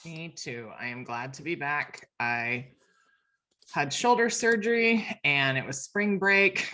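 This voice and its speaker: Lady hosting a zoom call, bright kinda low voice, laughs a lot at herself. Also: takes it slowly. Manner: chatty, laughs often, self-deprecating. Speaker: host filling in. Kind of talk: casual video call chat. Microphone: video call.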